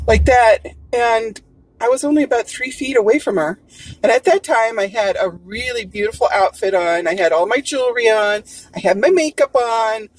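In a car with the air conditioning running and traffic outside, a woman from Hawaii hosts a casual vlog, wandering from story to story. Her mid-range voice is husky and carries a Hawaiian Pidgin-tinged accent. The mic sits far away and the recording is rough.

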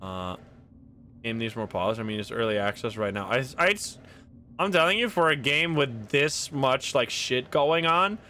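A man's voice: mid-range voice, expressive, normal speed, bright, forceful tone, slight background noise. A man streaming himself playing a video game, narrating his moves with swearing, laughs and sudden outbursts. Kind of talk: casual gameplay commentary.

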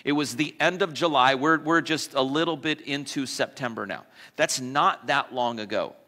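Bright-voiced pastor preaching in a reverberant church. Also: male voice, medium pitch, moderate pace. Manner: conversational preaching with rhetorical questions and asides. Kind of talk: sermon. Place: church sanctuary.

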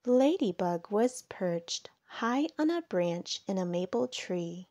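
A woman reading a children's storybook aloud, gentle and expressive. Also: mid-range voice, slow, hardly any pauses, no room sound. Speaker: storybook reader.

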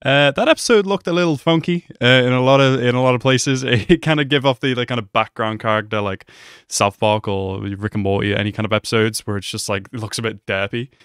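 A young man giving casual, excitable commentary as he reacts to an anime episode, talking back at the screen. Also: mid-range voice, a little fast, few pauses, clear, resonant tone, dry recording, clean studio sound.

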